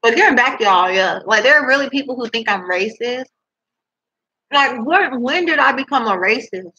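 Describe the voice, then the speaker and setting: A young woman talks straight to her laptop at home, rambling and chatty between bites of food. Her voice is bright and a little husky, and the laptop mic makes the sound muffled and lo-fi. She now and then breaks into disbelieving curses. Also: fairly high pitch, expressive, normal speed. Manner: chatty, rambling, eating while talking, swearing in disbelief. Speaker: vlogger. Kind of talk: casual chat to camera. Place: at home indoors. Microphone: laptop microphone.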